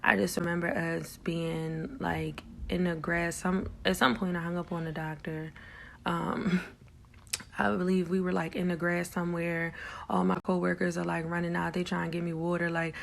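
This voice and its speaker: Young woman, low gravelly voice; frank, swears often, gets loud when recounting shocks. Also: flat delivery, moderate pace. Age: young adult. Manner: blunt, frank, swears freely. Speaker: vlogger sharing her story. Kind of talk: candid personal storytelling.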